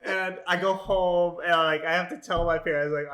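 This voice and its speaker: A man co-hosting a casual chat podcast, telling a story in an animated way, laughing and mimicking the people in it. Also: high voice, moderate pace. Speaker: podcast co-host. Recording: echoey room.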